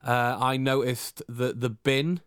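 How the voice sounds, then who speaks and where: A man's voice: medium pitch, little pitch movement, slow, a bit bright, clear, resonant tone, dry recording, clean studio sound. A young man co-hosting a podcast, telling a rambling, self-mocking story full of hesitations. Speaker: podcast co-host. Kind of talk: casual storytelling chat.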